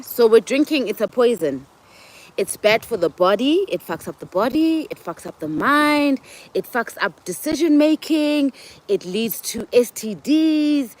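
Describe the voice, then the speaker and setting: A South African woman hosting a show, talking casually and telling animated stories, often acting out other people's voices and mixing in local words. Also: medium pitch, poor audio. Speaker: host. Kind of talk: casual monologue.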